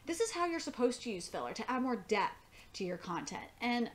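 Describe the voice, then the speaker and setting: A woman's voice: a little high, very animated, brisk. Rambling woman reacting to anime. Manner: rambling, enthusiastic, many fillers and restarts. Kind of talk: live reaction commentary.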